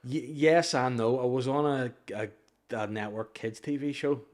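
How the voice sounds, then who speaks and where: A man's voice: mid-range voice, normal speed. Een jonge man die grappend en rommelig vertelt in een ontspannen podcastgesprek, met een gemiddelde toonhoogte. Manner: joking, rambling with frequent restarts. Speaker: actor guest. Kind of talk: casual podcast chat.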